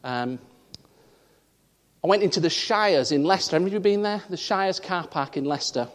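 A man from the north of England preaches with animated storytelling. His voice sits a little high and leaps up for emphasis, then drops quiet for the serious points. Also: moderate pace. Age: 30s. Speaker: pastor. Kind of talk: sermon.

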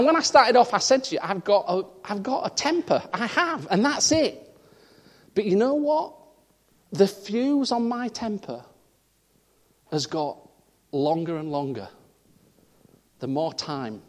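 A man from the north of England preaching a sermon and telling a personal story, his voice swinging from loud, high emphasis down to quiet asides. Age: 30s. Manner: animated storytelling, voice rising and dropping for emphasis. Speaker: pastor.

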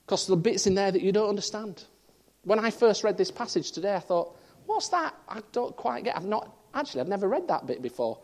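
Animated man preaching from the pulpit. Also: high voice, fast talker. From northern England. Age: 30s. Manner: animated storytelling, voice rising and dropping for emphasis. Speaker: pastor. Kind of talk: sermon.

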